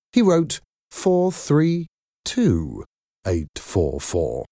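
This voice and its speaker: Slow, expressive male storybook reader. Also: medium pitch, no echo, studio quality. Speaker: narrator. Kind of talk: storybook reading.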